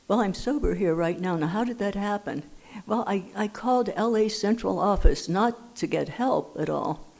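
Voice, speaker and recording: A woman's voice: on the low side, vocal fry, a little mellow. An older woman from Los Angeles telling her recovery story at a meeting, with dry humor. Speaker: AA speaker. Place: meeting hall.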